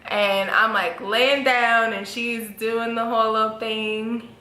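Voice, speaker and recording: A young woman in her twenties telling a story casually as a vlogger, acting out quotes with big jumps in her voice. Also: slow pace. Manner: animated, acts out quotes with big pitch jumps. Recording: echoey room with faint ambience.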